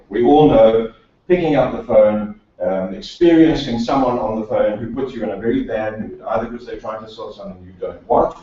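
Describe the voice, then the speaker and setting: A man's voice: mid-range voice, darkish tone. A man from South Africa, a speech coach, delivers a prepared talk to a professional meeting, leaning on dry humour and rhetorical questions. His voice reaches a distant microphone in a very echoey hall. The sound is dull and muffled. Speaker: speaker, speech and accent coach. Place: meeting room of a professional association.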